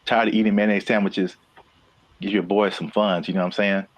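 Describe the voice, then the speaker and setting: A man's voice: lowish voice, little pitch movement, brisk, slight background noise. A man co-hosting a podcast in casual chat, playful and laid-back with slangy phrasing. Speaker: podcast co-host.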